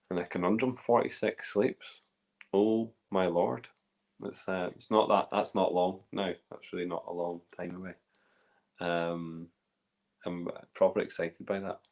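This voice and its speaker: A man hosting a casual livestream chat, excitable and chatty, tripping over names. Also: on the low side. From Northern Ireland. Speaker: host.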